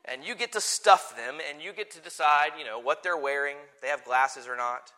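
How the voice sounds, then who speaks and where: A man preaching a sermon, moving from quiet conversational asides to loud, forceful declarations. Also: a little high, moderate pace. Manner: animated, swings from soft asides to forceful declarations. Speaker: pastor.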